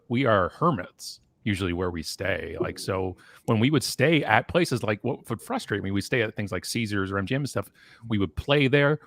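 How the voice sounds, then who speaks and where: A man in his forties on a video call, telling stories in a casual, animated way that often slides into a rant. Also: fairly low pitch, dry recording. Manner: animated ranting storyteller. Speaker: guest. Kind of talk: casual chat on a live stream.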